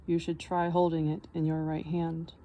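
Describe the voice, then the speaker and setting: A woman reading the part of a soft-spoken, patient old man in an audiobook, explaining things calmly. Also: low voice, dull audio, a little hiss or hum. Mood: tender. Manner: calm, unhurried explaining.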